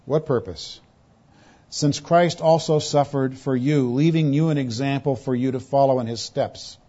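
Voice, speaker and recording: A man preaching an expository sermon as pastor, rising to loud, pointed quotations and dropping to hushed, quiet lows. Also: normal speed. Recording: dull lo-fi sermon recording.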